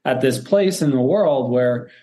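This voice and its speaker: A man's voice: mid-range voice, lively intonation, a little slow, mellow. A man, a former football coach, answering interview questions in an earnest, reflective way with many restarts and tag questions.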